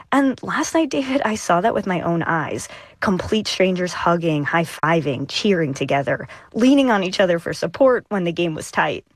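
Lady radio reporter, lower voice, paints the scene in detail, dry close sound. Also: no echo. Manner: vivid, descriptive reporting. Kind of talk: live news interview.

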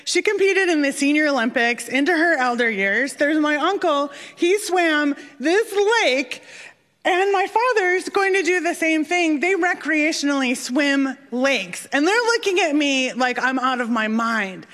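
Woman, live storyteller, animated, self-deprecating, fairly high voice, long hall reverb. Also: measured pace.

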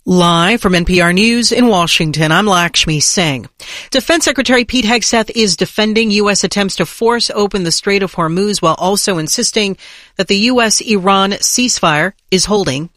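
A woman newscaster reading a national news bulletin in a crisp, measured way. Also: mid-range voice, a bit bright, no room sound, clean studio sound.

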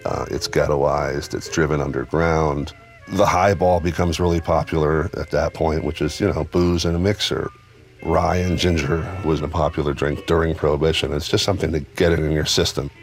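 A man who owns bars, talking in an interview in a thoughtful, measured, explanatory way. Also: extremely low pitch. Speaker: bar owner and spirits author. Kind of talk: reflective interview talk. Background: music.

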